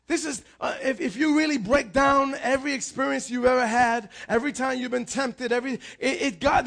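High-pitched, gravelly pastor preaching loudly. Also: male voice. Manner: energetic preaching with frequent shouts and repeated words. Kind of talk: sermon.

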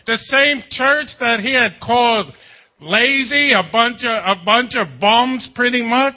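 A man's voice: very high-pitched, measured pace, dull audio. A man preaching a sermon as pastor, talking in a conversational way with jokes and rhetorical questions.

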